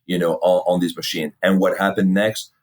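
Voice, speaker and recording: A middle-aged fitness company founder tells his story in a casual interview, speaking low-pitched at a normal speed. He's animated, swears freely, and acts out old conversations.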